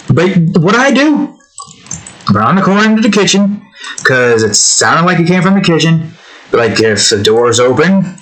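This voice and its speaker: A man chatting casually while he draws, rambling through off-topic asides and swinging into animated mock rants. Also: fairly high pitch, rough recording. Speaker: art vlogger. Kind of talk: casual chat while drawing.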